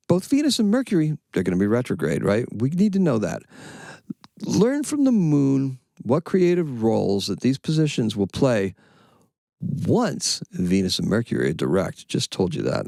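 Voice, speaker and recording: A man hosting a casual solo astrology report, animated and rambling, correcting himself with playful asides. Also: mid-range voice, vocal fry, no echo. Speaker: astrology channel host.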